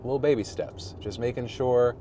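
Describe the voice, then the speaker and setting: A man's voice: mid-range voice, fairly even intonation, normal speed, warm tone, a little hiss or hum. A man in his forties talking casually and candidly to his vlog audience from a parked car, rambling, self-deprecating, laughing often and swearing freely. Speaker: vlogger. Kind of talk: casual personal vlog chat.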